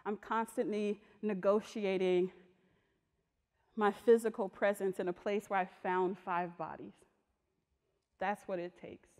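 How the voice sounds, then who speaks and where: A woman artist giving a talk, telling personal stories in a lively, slangy way. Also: medium pitch, measured pace, long pauses. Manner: lively, slangy storytelling that acts out voices. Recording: long reverb of a large hall.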